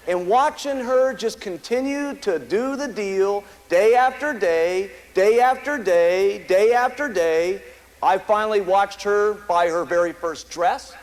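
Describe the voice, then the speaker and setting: On a rough recording, an American man with a high-pitched voice delivers a motivational speech to a live audience. He is the company founder speaking at a company meeting, and his talk is emphatic, repetitive, and full of stories.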